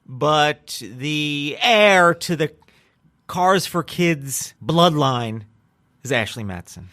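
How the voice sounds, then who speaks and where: A man's voice: on the high side, animated, drawn-out words, bright, forceful tone, no echo, clean studio sound. A man podcast co-host bantering and riffing on mock introductions, laughing often. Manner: riffs on mock introductions, laughs through lines. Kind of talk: casual comedic banter.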